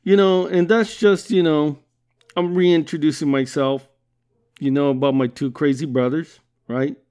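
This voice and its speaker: A man's voice: on the high side, measured pace, smooth. Profane, laughing man rambling a story. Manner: animated storytelling with sudden loud jumps. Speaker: podcast host. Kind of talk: casual comedic monologue.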